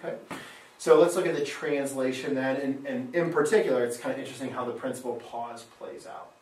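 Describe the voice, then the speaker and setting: A man's voice: medium pitch, brisk, a little mellow, a little hiss or hum. A man teaching a Latin lesson in a classroom, scanning verse aloud, patiently asking questions and confirming answers. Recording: echoey room, mic far off.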